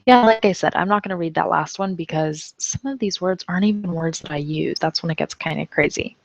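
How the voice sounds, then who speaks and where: In a dull, dry lo-fi recording, a woman with a low-side, gravelly voice gives a casual online English lesson at a brisk pace. She reads example sentences aloud and explains them.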